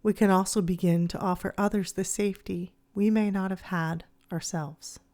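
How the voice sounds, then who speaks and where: A woman hosting her podcast, narrating in a calm, gentle, measured way. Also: medium pitch. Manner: gentle, soothing, measured delivery. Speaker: podcast host.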